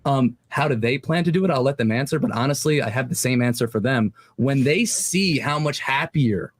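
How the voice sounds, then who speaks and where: A man's voice: medium pitch, animated, brisk, no room sound. A man speaking as a self-assured podcast guest in casual talk.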